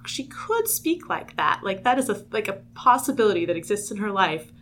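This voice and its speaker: A woman co-hosting a casual book discussion podcast, animated and laughing a lot. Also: medium pitch, normal speed, slight background noise. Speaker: podcast co-host.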